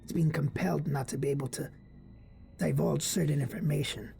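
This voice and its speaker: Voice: medium pitch, steady tone, a little fast, gravelly, warm tone, faint music behind. A player in a tabletop game, chatting casually and asking curious questions.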